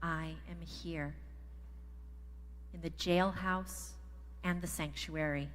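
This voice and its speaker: A woman reading a gentle story aloud in a church service, softly repeating a calm refrain. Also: on the low side, slow, pauses often, a little hiss or hum. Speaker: story reader in worship service. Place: church sanctuary. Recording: echoey sanctuary with long reverb.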